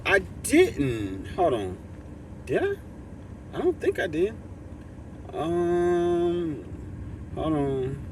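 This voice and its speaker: Animated, hyped man hosting a livestream. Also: slight background noise. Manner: hyped, emphatic, shouts to the community, reads chat aloud; drops to soft low voice for heartfelt thanks. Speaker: motivational livestream host. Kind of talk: casual livestream talk to chat.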